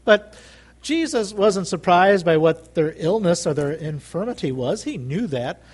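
A man's voice: high-pitched, lively intonation, measured pace, a little mellow, husky. A man preaching a sermon, emphatic and repetitive, calling out for amens from the congregation. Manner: emphatic, repeats phrases, calls for amens.

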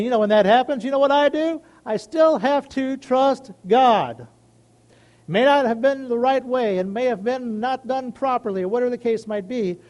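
With a high, slightly mellow voice, this man gives a casual devotional talk full of earnest, folksy everyday stories and plenty of tangents, sharing a personal story as a Christian speaker.

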